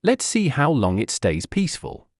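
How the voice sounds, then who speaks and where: A man's voice: on the high side, wildly swooping pitch, normal speed, no room sound. A man voicing Wizzy, a gloomy hooded young man who mutters dry, sarcastic remarks in a storybook reading.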